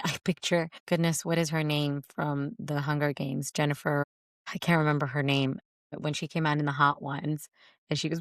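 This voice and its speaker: Lady host doing a reflective faith talk, kinda low voice, earnest and repetitive, dry sound. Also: level tone, normal speed, no echo. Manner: earnest, repetitive emphasis, quotes scripture. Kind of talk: reflective spoken teaching.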